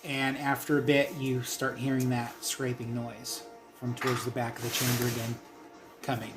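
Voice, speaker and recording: A man running a tabletop game as game master, narrating the scene and answering players with a relaxed, hesitant manner. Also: mid-range voice, moderate pace, music in the background. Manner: easygoing, hesitant with ums.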